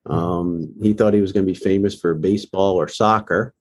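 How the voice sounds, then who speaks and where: A middle-aged man with a slightly low, husky voice talks as a podcast guest. He tells his stories earnestly, with deep feeling. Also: steady tone, normal speed, a little mellow. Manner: emotional, earnest storytelling. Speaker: guest, bereaved father running a foundation. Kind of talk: podcast interview.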